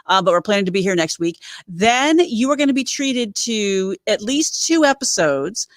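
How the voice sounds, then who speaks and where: A woman hosting a podcast in casual chat, rambling through animated stories and swearing casually. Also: medium pitch, moderate pace, no echo, clean studio sound. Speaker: podcast host.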